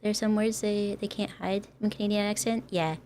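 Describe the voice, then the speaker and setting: A woman's voice: mid-range voice, little pitch movement, normal speed, darkish tone, a little hiss or hum. Giggly chatty American woman streamer. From United States. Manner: giggly, chatty, laughs often. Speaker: VTuber streamer. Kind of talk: casual livestream chat.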